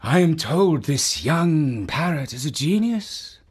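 A woman's voice: low voice, sing-song, slightly rough, heavily acted. A woman doing a haughty lizard lady. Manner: slow, cross, condescending.

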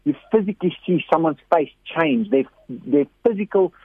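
A man's voice: fairly high pitch, normal speed. A man, a missionary guest telling stories with lots of energy and repeated words. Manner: animated storyteller, repeats words often, acts out quotes with a raised voice. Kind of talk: storytelling interview. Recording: tinny phone line.

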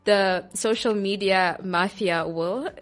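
A woman's voice: medium pitch, takes it slowly. A woman co-hosting a podcast in casual chat, playful and teasing, often laughing. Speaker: podcast co-host.

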